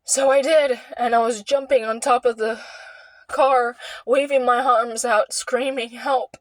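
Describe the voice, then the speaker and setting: A young woman telling a candid personal story, earnest and heartfelt, with halting restarts and sighs. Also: fairly high pitch, steady tone, dry recording, poor audio. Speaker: vlogger sharing a personal story.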